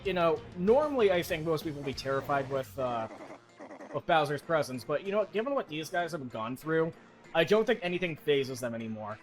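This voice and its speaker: A man's voice: on the high side, lively intonation, a little fast, faint music behind. A man giving casual, joking gameplay commentary as a streamer, swearing now and then.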